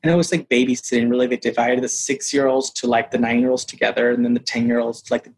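A lively man tells personal stories as an interview guest. His voice sits at an ordinary middle pitch. He talks with energy and laughs often. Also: fast talker, husky, poor audio. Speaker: actor guest. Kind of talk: casual storytelling interview.

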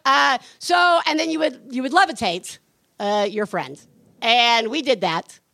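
A woman co-hosting a live podcast on stage, telling a childhood story with lively acted-out screams and chants. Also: on the high side, unhurried, gravelly. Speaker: podcast co-host. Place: live stage before an audience.

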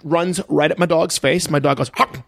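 A middle-aged man talks casually on a podcast, a little higher-pitched than most men. He acts out other people's lines with gusto as he tells his stories. The sound is close and dry, with no room around it. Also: steady tone, moderate pace, creaky, no echo. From Michigan. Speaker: podcast guest. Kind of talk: casual chat.

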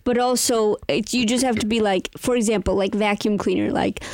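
A woman hosting a comedy call-in game show, upbeat and giggly, trading quick banter with callers. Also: medium pitch, fairly even intonation, darkish tone, no echo. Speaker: host.

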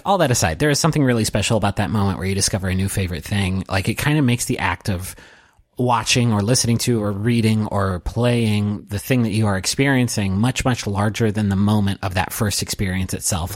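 A man's voice: lowish voice, brisk, no room sound, studio quality. A man co-hosting a podcast, musing in a reflective, rambling way with wry jokes. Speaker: podcast co-host. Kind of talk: casual chat.

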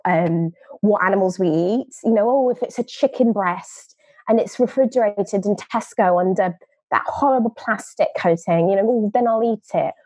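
A woman's voice: mid-range voice, a little mellow, husky, no echo, natural voice. Brief: a woman as a blunt, rambling charity spokeswoman, dry close sound. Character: callous woman nature trust spokesperson, blunt. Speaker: interviewee. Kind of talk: scripted comedy podcast.

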